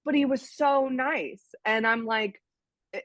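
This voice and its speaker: An American woman, a dating site member, chats casually as an interview guest over a video call, telling stories with many restarts. Her voice is high and she speaks slowly. The recording is dull, dry and lo-fi.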